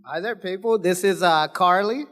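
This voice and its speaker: A man's voice: high voice, normal speed, a bit bright. Eager male fan at the mic. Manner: upbeat, enthusiastic fan. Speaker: fan asking a question. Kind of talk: audience question at a panel.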